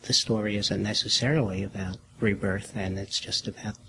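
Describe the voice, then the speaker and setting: A man's voice: lowish voice, steady tone, normal speed, noisy background. A man in the audience sharing his thoughts in a group discussion, hesitant and searching for words. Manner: hesitant, full of fillers and restarts. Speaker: audience member.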